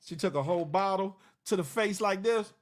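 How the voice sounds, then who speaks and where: A man's voice: high-pitched, a little fast, no echo. A man hosting a live online show, chatting casually with viewers in a loose, joking way, full of slang and sound effects. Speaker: livestream show host.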